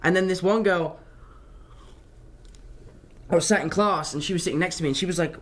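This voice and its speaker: A young man chats through fan questions in a loose, rambling way, drifting off topic as he tells stories. His voice sits a little higher than most men's. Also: brisk, long pauses. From London, England. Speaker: actor answering fan questions. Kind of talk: casual livestream Q&A.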